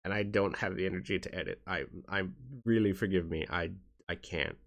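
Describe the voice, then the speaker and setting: A man vlogging to his viewers in a soft, halting way, tired and in pain. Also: low-pitched, fairly even intonation. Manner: soft-spoken, halting, with frequent restarts. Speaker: YouTuber. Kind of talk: casual talk to camera.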